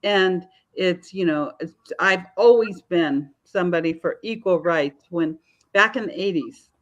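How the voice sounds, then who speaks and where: A woman's voice: lowish voice, a little slow. Chatty, storytelling woman in her fifties. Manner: chatty storyteller, laughs often. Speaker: author guest. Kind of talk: casual podcast conversation.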